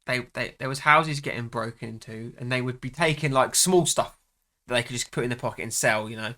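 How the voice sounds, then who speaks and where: A young man from England with a bright, sharp-edged voice. He chats easily in a relaxed conversation, adding asides and laughing often. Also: medium pitch, fairly quick. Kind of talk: casual chat.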